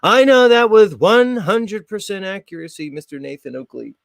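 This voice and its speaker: A man's voice: high voice, expressive, normal speed, gravelly, dry recording. Sarcastic, mock-formal man host. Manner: mock-formal and sarcastic, swings between loud and muttered. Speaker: show host. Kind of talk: sarcastic monologue reacting to a clip.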